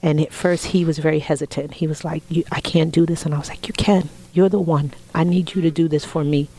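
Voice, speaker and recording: A woman in her forties tells a heartfelt personal story, her voice sitting a little low. She often sinks into soft whispers when quoting her family. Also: steady tone, a little fast, poor audio. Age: 40s. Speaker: interview guest.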